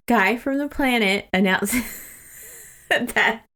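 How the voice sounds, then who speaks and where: A woman's voice: fairly high pitch, drawn-out words, pushed and bright. A young adult woman co-hosting a podcast, chatting casually as she sums up a book's plot with loose quoted asides. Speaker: podcast co-host. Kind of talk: casual book-club chat.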